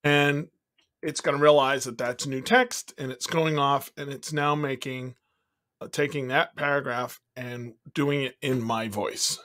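A man hosting a tech tutorial, chatting excitedly and thinking aloud as he clicks through a software demo. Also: mid-range voice, a little slow. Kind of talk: casual screen-recorded software demo.

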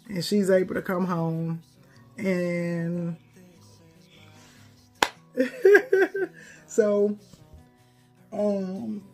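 A woman's voice: medium pitch, dark tone. A woman hosting a casual live stream, emotional and teary, laughing through tears as she speaks.

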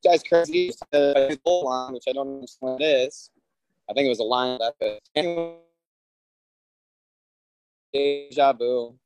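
A man on a video call winds through a drawn-out joke at a mid-range pitch, pausing on fillers as he goes. His telling meanders and circles back, the tone of a defendant chatting rather than pleading. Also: darkish tone, no echo, rough recording. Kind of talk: rambling joke storytelling.

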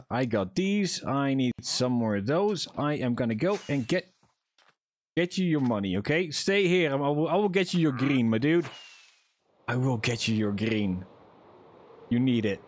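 Young male streamer, chatty and jokey, swears freely, very animated pitch. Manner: chatty, profane, jokey self-talk to viewers. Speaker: livestreamer. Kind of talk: casual gaming livestream chat.

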